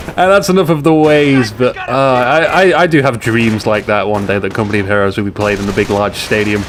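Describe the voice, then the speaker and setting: A man's voice: on the high side, steady tone, fast, few pauses, noisy background. British man joking through game commentary. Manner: joking, rambling, sarcastic asides. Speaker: game caster. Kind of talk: casual game commentary over a replay. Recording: game gunfire and explosions in the mix.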